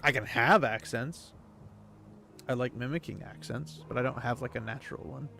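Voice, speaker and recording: Gravelly-voiced man chatting over a game. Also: mid-range voice, moderate pace, pushed and bright, faint music behind. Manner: rambling, chatty, lots of fillers. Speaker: gaming streamer. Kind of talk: casual chat while playing a video game.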